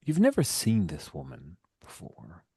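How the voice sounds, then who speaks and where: A man's voice: extremely low pitch, huge pitch swings, unhurried, gravelly, dark tone, husky, dry recording. A man running a tabletop game as game master, narrating a scene loosely, with some whispered asides.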